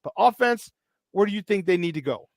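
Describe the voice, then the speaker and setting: Male sports radio co-host, high voice, dry studio, lively storyteller. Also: dry recording. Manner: animated storyteller, asks rapid questions. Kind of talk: casual sports talk.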